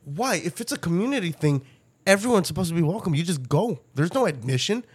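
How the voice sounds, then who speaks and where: High lively-voiced teasing man. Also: breathy edge. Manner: teasing, quick with jokes and laughs. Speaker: podcast co-host. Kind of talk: casual chat.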